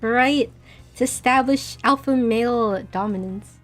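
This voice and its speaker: A young woman streaming a game, chatting casually in a giggly, rambling, self-deprecating way, her throat a little dry and husky. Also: a little high, a little slow, faint music behind. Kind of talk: casual gaming stream chat.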